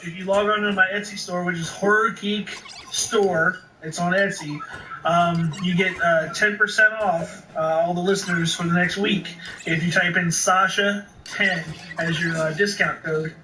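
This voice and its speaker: A man's voice: sits high, steady tone, moderate pace, pushed and bright. A man guest on a podcast, chatting casually and hesitantly, often restarting his sentences. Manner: hesitant, rambling with many restarts. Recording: echoey room, distant noisy mic.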